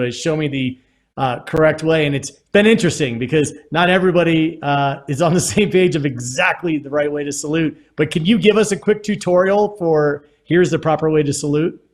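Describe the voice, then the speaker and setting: A man's voice: fairly high pitch, normal speed. Upbeat male interview host. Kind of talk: interview hosting.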